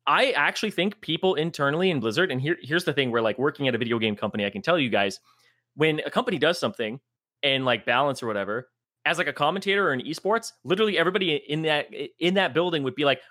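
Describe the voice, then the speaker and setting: A man's voice: fairly high pitch, fast, no room sound, clean studio sound. A man co-hosting a casual gaming podcast, ranting in an exasperated way, swearing freely and laughing at his own jokes. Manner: swearing, exasperated, animated rants with laughing asides. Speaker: podcast co-host, former esports commentator.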